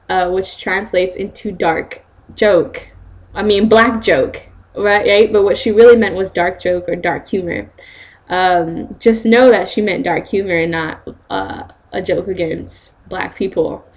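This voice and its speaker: A young woman telling a funny story in a casual vlog, animated and giggly, acting out quotes in bursts of laughter. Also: medium pitch, unhurried. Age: young adult. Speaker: vlogger, student studying abroad in Japan.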